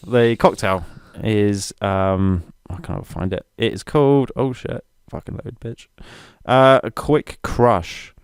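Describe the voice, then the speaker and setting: A young man co-hosting a casual podcast, laughing often, swearing and reading recipes aloud haltingly. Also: lowish voice, clear, resonant tone, dry recording, clean studio sound. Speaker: podcast co-host. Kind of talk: casual banter.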